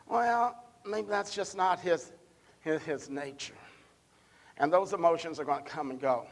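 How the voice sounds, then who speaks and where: A male pastor delivers a sermon in a church sanctuary. His voice sits high for a man, and he leans hard on key words before dropping to a near-hush. He often repeats a word as he builds toward his point. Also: unhurried, in a large hall. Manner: emphatic, swings between loud and hushed.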